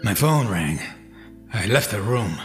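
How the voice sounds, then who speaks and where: A man narrating a scripted audio story in a wry, deadpan way. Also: on the low side, unhurried, music in the background.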